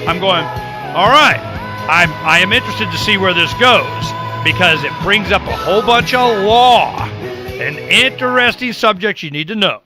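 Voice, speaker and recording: A man's voice: sits high, lively intonation, moderate pace, music in the background. A middle-aged man hosting a political talk show, speaking emphatically and acting out the people he quotes. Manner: emphatic, acts out quoted people, repeats words when worked up.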